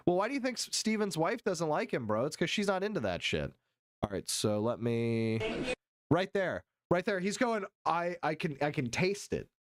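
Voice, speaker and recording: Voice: mid-range voice, big pitch swings, moderate pace. A streamer giving crude, profane, mocking play-by-play commentary on a live stream while scrubbing through a video and reading chat. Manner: frequent silly put-on quote voices. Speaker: livestream host.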